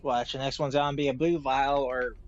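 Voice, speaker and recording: A man giving slow, mumbled running commentary while streaming a video game from home. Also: medium pitch, fairly even intonation, highs cut off, slight background noise. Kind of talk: casual live-stream commentary. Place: home room.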